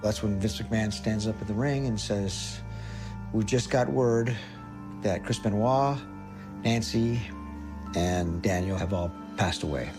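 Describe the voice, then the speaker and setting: A man's voice: fairly low pitch, a little slow. A man in an interview retelling events vividly, acting out the dialogue. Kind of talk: emotional personal recollection. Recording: music bed under voice. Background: music.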